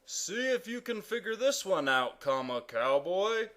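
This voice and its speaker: A man voicing a pompous, loud male king who proclaims grammar rules in an animated cartoon. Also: measured pace, full character voice. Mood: commanding. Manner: booming proclamations.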